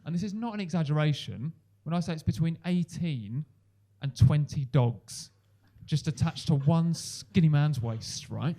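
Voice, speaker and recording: A young man doing a stand-up comedy set on a club stage into a handheld mic, animated and jumping into loud high-pitched voices for the people in his stories. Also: measured pace, hardly any pauses.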